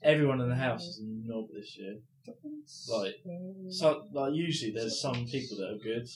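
A young man in a casual podcast chat, blunt and unhurried. He is recorded in an echoey room, and other voices murmur behind him. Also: mid-range voice, animated, a crowd in the background. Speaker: podcast co-host.

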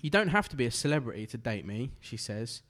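A man's voice: medium pitch, big pitch swings, fast, a bit bright. A young man, a podcast co-host in casual banter who jokes, laughs often and reads a news story aloud. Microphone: studio microphone with headphones.

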